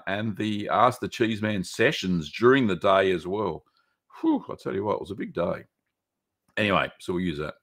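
An Australian man hosting a live stream, answering viewer questions in a rambling, easygoing way with many fillers. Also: low-pitched. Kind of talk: casual live-stream chat.

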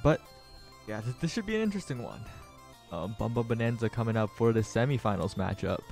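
A man casting a live esports tournament with energetic play-by-play that rises with the action. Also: medium pitch, a little fast, vocal fry, soft background music. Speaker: esports caster.

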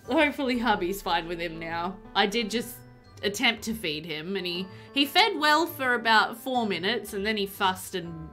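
A woman's voice: mid-range voice, animated, normal speed, pushed and bright, soft background music. A young woman chatting casually on a livestream as a streamer and new mum, talking in a chatty, giggly way with lots of fillers. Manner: chatty and giggly, many fillers like "like" and "um", reads chat aloud. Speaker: game streamer and new mother.

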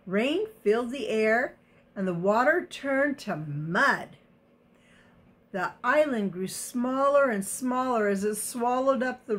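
Slow, gentle woman reading a picture book. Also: a little high. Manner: gentle, explains words and asks the listener questions. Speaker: storybook reader.

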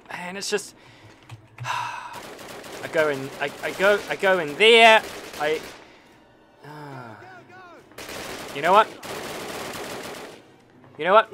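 A man giving let's-play commentary on a war game, excitable and ranting, swearing at the game. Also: fairly high pitch, background noise. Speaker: gaming channel host.

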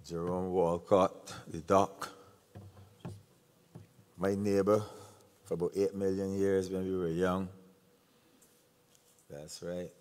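A man's voice: sits low, darkish tone. An older man, a calypsonian, who jokes with a live audience in a large hall and leads them in a call-and-response song. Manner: easygoing, joking, leads the crowd in song. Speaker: calypsonian closing a public event. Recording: echoey hall with guitar music.

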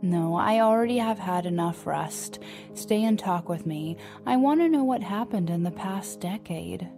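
A woman's voice: fairly low pitch, expressive, normal speed, over music. A woman reading the part of a worried middle-aged mother with a questioning manner. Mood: insistent. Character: anxious middle-aged mother, long asleep.

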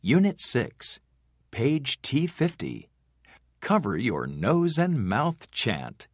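A man reading out textbook track announcements in a slow, measured, deliberate way. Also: medium pitch, wildly swooping pitch, dry recording, studio quality. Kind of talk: scripted textbook audio announcements.

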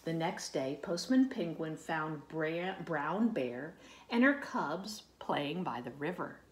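A woman reading a picture book aloud to children, gently explaining and asking the listener questions. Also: low voice, lively intonation, takes it slowly. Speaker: storybook reader.

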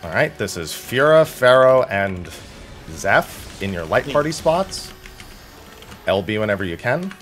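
A man on voice chat, calling out raid positions in clipped words before breaking into overjoyed near-tearful shouting. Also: on the low side, very animated, unhurried. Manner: terse callouts, then shouting with joy. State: near tears. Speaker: raid caller and streamer. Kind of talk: voice chat during a game raid. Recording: game music behind. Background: game music.

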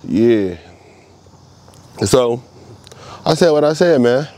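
A man's voice: medium pitch, animated, takes it slowly, dark tone. A man talking straight to camera in a casual monologue, swearing a lot and repeating himself for emphasis. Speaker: vlogger.

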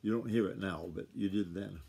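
An older man from Maine reading a novel aloud to his family, relaxed and conversational, with asides of his own. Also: deep voice, a little fast, gravelly, slightly rough. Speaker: reader.

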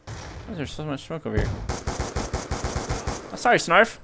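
A young man giving live gameplay commentary as a video host, excitable and yelping at sudden action. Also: a little high, normal speed, long pauses.

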